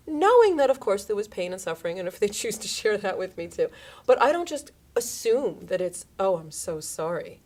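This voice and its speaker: Radio host, woman in her thirties or forties, chatty and animated, pitching up and down to act out quoted lines. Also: fairly quick. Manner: animated, acts out quoted lines in shifting voices. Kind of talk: casual radio chat.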